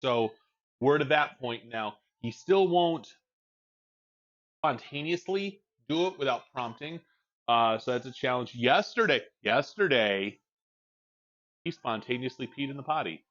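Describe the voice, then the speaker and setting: Guy rambling on his stream, swears a lot, mid-pitched, kinda dull muffled audio. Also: expressive, unhurried, pauses often, a bit bright. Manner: rambling, profane, frank. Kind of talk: casual chat while livestreaming.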